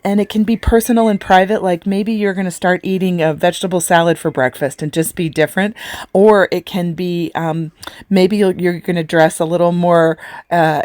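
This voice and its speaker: A woman's voice: lowish voice, a little mellow, no echo. A woman life coach giving an earnest live coaching talk, asking many rhetorical questions and getting emotional.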